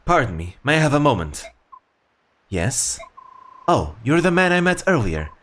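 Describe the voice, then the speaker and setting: A man voicing a calm, mysterious monk who speaks in a measured, gracious way. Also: medium pitch. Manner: calm, measured, soft-spoken.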